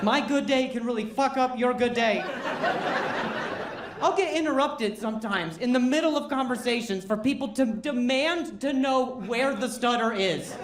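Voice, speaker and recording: A man's voice: very high voice, normal speed. A man who stutters performing a self-deprecating stand-up comedy set on stage. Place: comedy stage before a live audience. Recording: roomy live venue with background noise.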